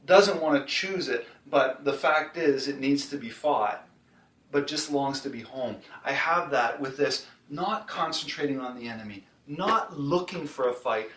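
A man hosting a casual faith discussion, talking in a rambling, animated way and laughing easily. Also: mid-range voice. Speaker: host. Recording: roomy sound, mic at a distance.

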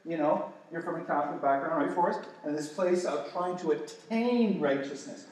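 A man's voice: fairly high pitch, moderate pace, a little mellow. A man with a slightly raised voice teaches scripture with eager energy, tripping over his own restarts. He sounds set back from the mic in a strongly echoing room. A faint hiss sits under him. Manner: enthusiastic, stumbling restarts. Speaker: preacher. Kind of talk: informal Bible teaching. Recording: echoey distant room recording.

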